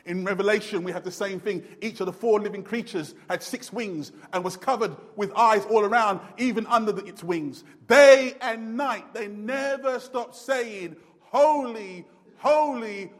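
A man preaching a sermon, swinging between loud emphatic lines and low, quiet ones. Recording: long hall reverb.

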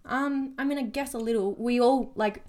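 A woman's voice: fairly high pitch, normal speed, a little mellow. Chatty woman podcast co-host. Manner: laughs easily, chatty and upbeat. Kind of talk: casual chat.

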